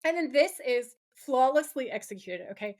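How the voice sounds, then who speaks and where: Higher-voiced woman gushing on a podcast. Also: moderate pace. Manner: animated, dramatic retelling with swearing and gushing. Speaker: podcast co-host. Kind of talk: casual TV episode recap chat.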